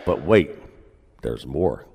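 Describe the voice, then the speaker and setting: A man pastor preaching a sermon in a relaxed, conversational way with folksy asides, in a church sanctuary. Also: extremely low pitch, slow, gravelly, big-room sound, slight background noise.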